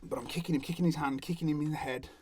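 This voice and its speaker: A man's voice: racing, slight background noise. A young man, telling his life story candidly in an interview and acting out what others said. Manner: animated, acts out other people's lines in higher voices.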